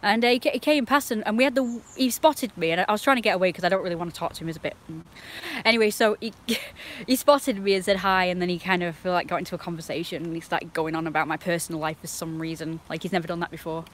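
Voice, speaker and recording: A woman's voice: fairly low pitch, fast. A young woman on a live stream, telling a rambling, indignant story and swearing freely.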